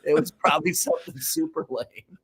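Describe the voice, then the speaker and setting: Higher-voiced man telling sports stories. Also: fairly quick, breathy edge. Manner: animated storyteller, swears casually. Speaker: podcast co-host. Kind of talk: casual sports chat.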